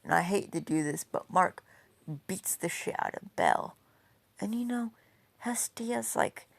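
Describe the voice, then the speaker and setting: A woman's voice: on the low side, lively intonation, measured pace, vocal fry, no room sound. A woman casually telling a fan story, rambling and swearing, filling gaps with "you know".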